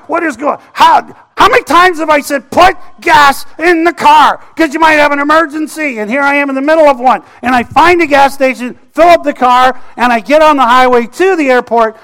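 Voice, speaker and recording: High-voiced animated preacher man. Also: smooth. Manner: animated, swings from shouting to hushed. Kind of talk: storytelling sermon.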